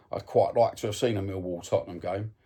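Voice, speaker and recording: A man's voice: low voice, normal speed, warm tone, husky. A Cockney man from East London, ranting bluntly and swearing to his phone camera about football, full of ums. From East London, England. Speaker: football fan vlogger. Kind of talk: casual ranting monologue to camera.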